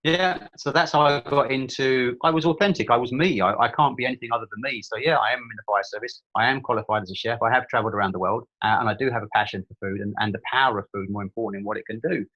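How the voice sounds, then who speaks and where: A man's voice: medium pitch, quick pace, few pauses, bright, forceful tone, husky, lo-fi sound. A middle-aged Irish man from Limerick, a guest telling stories in a casual interview, chatty and humorous with frequent restarts. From Limerick, Ireland.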